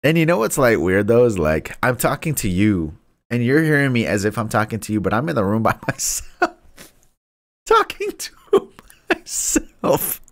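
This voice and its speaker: A man's voice: fairly low pitch, very animated, brisk. A man hosting a live-streamed Bible study, reading aloud alone in a room into a microphone, laid-back and chatty, stumbling over hard names and laughing at his own jokes. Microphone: studio microphone.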